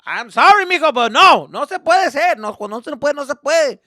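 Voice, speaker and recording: Man doing his loud stern Mexican dad. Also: high voice, fast talker, vocal fry, no room sound, studio quality, pitched above the performer's own voice. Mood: refusing. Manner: loud, emphatic, Spanish-speaking. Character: stern Mexican father, refuses then relents.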